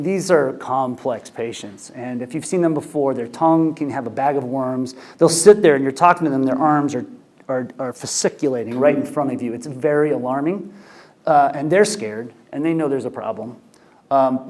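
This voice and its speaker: A middle-aged man lecturing as a doctor, with a slightly higher pitch than most men. He talks loosely and conversationally, full of ums and false starts. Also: darkish tone. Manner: conversational, many fillers and restarts. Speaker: ENT physician lecturer. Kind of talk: medical lecture.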